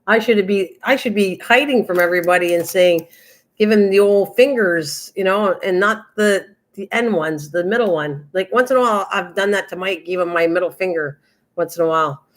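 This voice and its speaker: A woman's voice: mid-range voice, moderate pace. An older woman hosting a casual craft livestream, chatting in a rambling way and laughing often as she talks to viewers by name.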